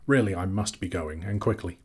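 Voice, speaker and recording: Voicing a fussy, well-mannered male hobbit, a man talks briskly and genteelly, like he's conducting business, with a touch of huskiness. The voice is low.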